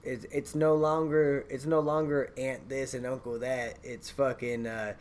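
A man's voice: medium pitch, little pitch movement, measured pace, a little mellow. A man co-hosting a podcast, talking casually and teasing crudely with plenty of swearing. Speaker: podcast co-host. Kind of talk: casual chat.

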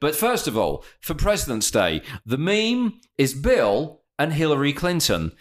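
A man's voice: fairly high pitch, huge pitch swings, unhurried. A man with an English accent, co-hosting a podcast in rambling casual chat with plenty of swearing. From England. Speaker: podcast co-host.

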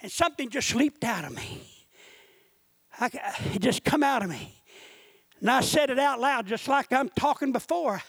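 A man preaching with a very high, piercing voice, caught in a dry, close recording with no room sound. He moves from quiet storytelling to impassioned shouting as he drives home his point. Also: animated, normal speed, vocal fry, long pauses, husky, no room sound. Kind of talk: sermon.

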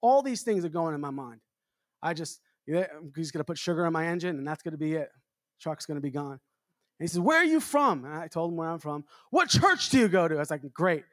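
A man's voice: fast, dry recording, clean studio sound. An American man preaching a storytelling sermon at a church revival, joking and acting out the voices in his story. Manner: animated, jokey, acts out quotes with big pitch jumps. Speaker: evangelist preacher.

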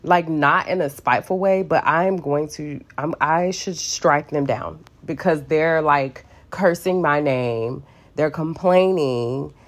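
Low-voiced woman giving a chatty devotional. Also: slow pace. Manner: chatty and playful, many fillers, acts out voices. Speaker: Bible teacher. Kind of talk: casual devotional teaching.

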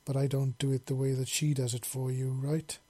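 A man's voice: medium pitch, level tone, brisk, no echo, lightly acted. A man reading a storybook, voicing a confident, flirtatious female lizard-folk woman who talks boldly and teasingly. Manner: bold, teasing, warm-hearted.

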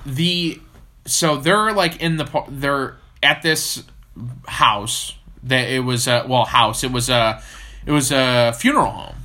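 A young man co-hosting a horror movie podcast, chatting casually, swearing constantly and laughing loudly. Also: medium pitch, slow. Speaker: podcast co-host. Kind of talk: casual profane chat.

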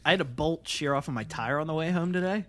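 A man's voice: a little high, quick pace. A man co-hosting a podcast, casually telling a story step by step in a laid-back way. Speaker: podcast co-host. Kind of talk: casual chat.

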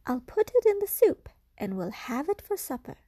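A woman's voice: sits high, big pitch swings, normal speed, mellow, dry recording, clean studio sound, pitched above the performer's own voice. A woman doing a pleased, sing-song storybook mother. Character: homely mother, pleased and practical.

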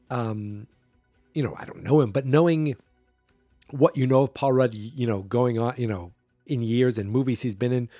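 A man's voice: mid-range voice, dark tone, no echo. A man hosting a solo podcast, rambling through a movie in casual commentary and acting out quotes in a raised voice. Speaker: podcast host.

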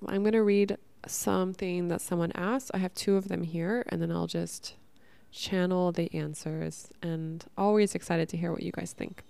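Brief: woman podcast host, lowish voice with smooth, resonant tone, earnest and relaxed. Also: moderate pace, no echo. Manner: earnest, relaxed, casual swearing. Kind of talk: casual reflective monologue.

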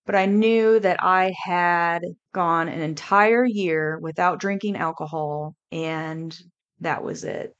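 A woman hosting a podcast, candidly and reflectively telling a personal story in a relaxed, conversational way. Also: lowish voice, highs cut off. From Kansas City area. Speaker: podcast host.

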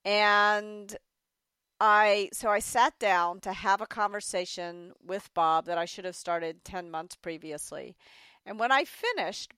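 A woman's voice: medium pitch, clean tone, no room sound. Candid storytelling woman, dry close sound. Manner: candid, animated storytelling with quoted voices. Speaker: interview guest, author. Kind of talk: storytelling in an interview.

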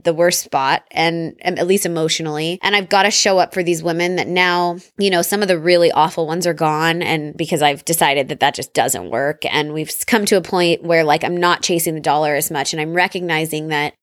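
Energetic woman podcaster telling her story. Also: on the low side, no echo, clean studio sound. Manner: energetic, rambling, self-interrupting. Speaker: podcast host and salon business coach. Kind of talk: casual storytelling monologue.

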